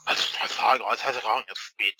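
A man's voice: on the low side, steady tone, a little slow, vocal fry, sharp tone, dry recording, low-quality recording. A man co-hosting a wrestling watch-along, teasing his friend with crude, mocking, profane banter.

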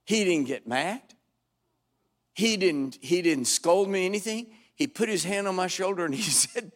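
A man's voice: fairly high pitch, animated, moderate pace. Older male pastor telling a wry story. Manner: wry, dramatic storytelling with sudden loud bursts. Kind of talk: storytelling sermon. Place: church sanctuary before a congregation.

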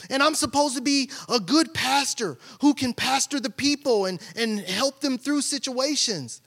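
A pastor delivers a sermon at normal speed in a high, bright voice. Speaking candidly and conversationally, he circles back and restarts sentences as he opens up to the congregation about his own struggles.

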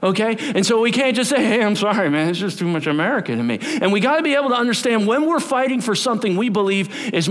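Bantering with his congregation and posing questions to them, a pastor delivers a lively, chatty sermon in church. He speaks with a high-pitched voice.

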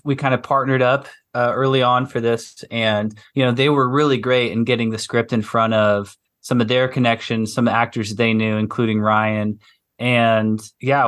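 A man from Kansas, a film director giving halting interview answers with frequent ums and uhs. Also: medium pitch, a bit bright. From Kansas, United States.

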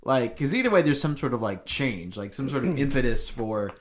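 Animated man reading aloud. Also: medium pitch, brisk. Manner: animated, laughing often. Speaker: podcast co-host. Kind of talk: reading aloud and joking banter.

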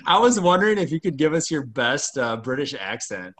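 A man's voice: on the high side, sing-song, normal speed, a bit bright. A man hosting a podcast, asking casual questions in an easygoing way, often with an "uh" and a laugh. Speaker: podcast host. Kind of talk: casual interview.

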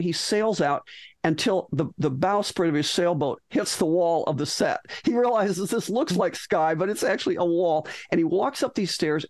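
A woman's voice: fairly low pitch, no room sound. A middle-aged woman, a physician guest in an interview, tells a story animatedly with frequent restarts and acted-out lines.

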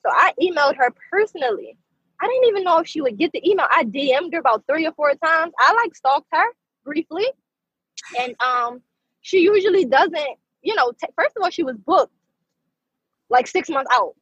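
A woman's voice: sits high, animated, moderate pace, a bit bright, dry recording, muffled recording. A woman in her twenties giving an earnest, heartfelt testimony as a guest over a video call. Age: 20s. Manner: earnest, emphatic, speaks from the heart. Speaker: guest speaker.

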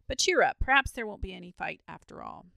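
A woman's voice: mid-range voice, animated, quick pace, vocal fry, sharp tone, no echo, exaggerated voice. A woman voicing a solemn, old-fashioned knight with a frank, courtly way of talking, in a storybook reading. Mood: good-natured. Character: grave, courtly adult male knight.

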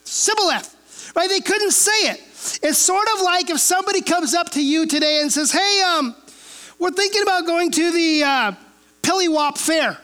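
A woman preaches in a relaxed, chatty way. She walks through scripture like she is telling a story to friends and keeps checking in with her listeners. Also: very high-pitched, normal speed. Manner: casual, storytelling, frequent rhetorical "right?". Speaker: pastor teaching a Bible chapter. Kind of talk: conversational sermon.

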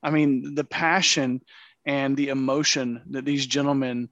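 A man's voice: medium pitch, little pitch movement, measured pace, a bit bright, no room sound, muffled recording. A man co-hosting a debate podcast, speaking passionately and repeating words as he builds his point. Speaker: podcast co-host. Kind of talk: casual debate chat.

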